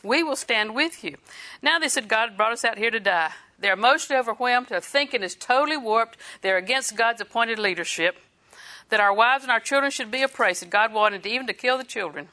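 A woman's voice: on the high side, a little fast, bright, forceful tone. A woman preaching a sermon in a conversational way, chuckling and acting out quoted asides.

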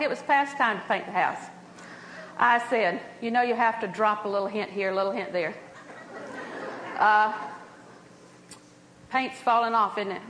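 Older woman preacher, fairly high voice, lively and chatty delivery, echoey hall sound. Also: slight background noise. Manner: lively, laughing, storytelling preacher. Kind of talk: sermon.

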